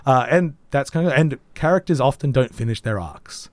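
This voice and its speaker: Brief: husky-voiced host, rambling and thoughtful, dry close mic. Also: male voice, medium pitch, expressive, moderate pace, a little mellow, no echo. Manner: rambling, thoughtful, many ums. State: hoarse, voice nearly gone. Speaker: podcast co-host. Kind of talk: casual game review chat.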